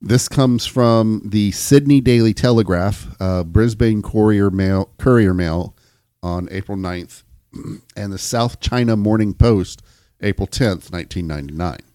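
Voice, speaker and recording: A man's voice: fairly low pitch, unhurried, warm tone, no room sound, clean studio sound. An American man co-hosting a podcast, reading long passages aloud in a casual chat and stumbling over words now and then. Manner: reads long passages, stumbles and restarts, jokes along. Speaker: podcast co-host.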